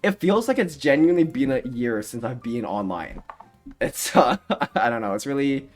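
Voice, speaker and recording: A young man streams live, chatting casually at a moderate pace in a rambling, self-mocking way and laughing often. His voice is medium-pitched with lively intonation, and faint music plays behind him.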